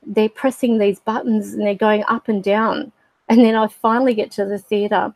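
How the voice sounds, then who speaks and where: A middle-aged woman telling a personal story on a livestream, halting and reflective with many fillers. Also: mid-range voice, flat delivery, gravelly, a little mellow, no echo, rough recording. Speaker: spiritual livestream host.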